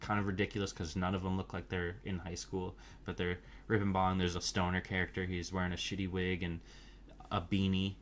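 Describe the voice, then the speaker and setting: A man's voice: deep voice, monotone, a little fast, slight background noise. A man casually recapping movies in a crude, offhand, meandering way, full of fillers and asides. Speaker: movie reviewer.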